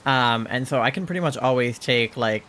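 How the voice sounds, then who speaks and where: A man's voice: medium pitch, normal speed, a bit bright, a little hiss or hum. A man streaming a game, chatting casually and rambling, with frequent swearing and lots of "like" and "um". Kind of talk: casual chat while gaming.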